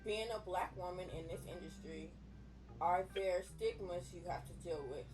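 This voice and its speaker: A woman's voice: lowish voice, normal speed, far from the mic, over music, low-quality recording. Frank laughing woman podcast host. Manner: frank, laughing, swears freely. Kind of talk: casual interview chat.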